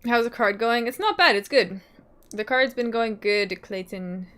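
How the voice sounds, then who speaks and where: A young adult woman streamer chatting casually with her viewers, reading their comments, laughing often and trailing off softly at the ends of her thoughts. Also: on the high side, lively intonation, unhurried, clean tone. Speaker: livestreamer.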